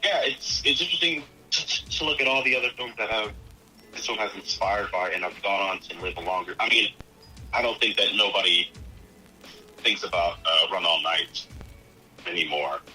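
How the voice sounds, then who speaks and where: A man co-hosting a podcast, chatting casually about a film in a rambling, halting way and acting out movie lines. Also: low voice, bright, forceful tone, soft background music, rough recording. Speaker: podcast co-host.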